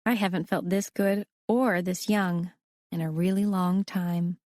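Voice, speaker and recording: A woman narrating a novel in the first person in a steady, conversational storytelling manner. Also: on the low side, unhurried, no echo, studio quality. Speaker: audiobook narrator.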